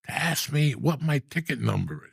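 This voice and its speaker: A man in his sixties telling a story in casual, profane, animated style, with loud outbursts. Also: on the high side, normal speed, creaky, slightly rough, no echo, studio quality. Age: 60s. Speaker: podcast host.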